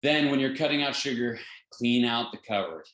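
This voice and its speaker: A man's voice: medium pitch, moderate pace, fairly bright tone. A man teaching a health class in an informal way, earnest, often chuckling and restarting his sentences with fillers. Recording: roomy echo.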